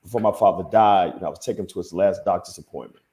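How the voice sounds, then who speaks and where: Earnest low-voiced middle-aged man. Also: warm tone, echoey room, a little hiss or hum. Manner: earnest, heartfelt, halting repetitions. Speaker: panel guest. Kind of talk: emotional personal storytelling.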